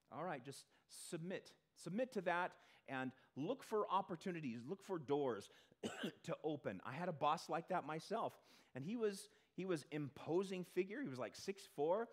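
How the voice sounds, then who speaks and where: A male pastor giving a conversational sermon to a congregation in a church, talking in an animated way. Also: fairly high pitch. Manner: animated, acts out quick character voices.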